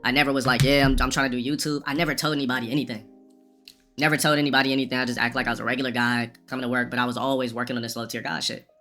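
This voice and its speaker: Fast-talking, profane male streamer. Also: mid-range voice, flat delivery, sharp tone, soft background music. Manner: rambling, profane, restarts often. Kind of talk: casual storytelling rant.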